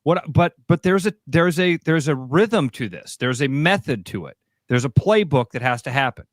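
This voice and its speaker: A man's voice: fairly high pitch, expressive, moderate pace, no room sound, clean studio sound. Emphatic Midwestern sports radio man. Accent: American Midwest. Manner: emphatic, repetitive, preachy riffs. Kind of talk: opinionated sports talk. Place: radio studio.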